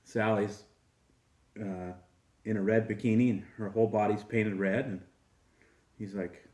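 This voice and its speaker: A man hosting a casual show, telling a long joke in a relaxed way with many pauses and fillers. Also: fairly low pitch. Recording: roomy echo.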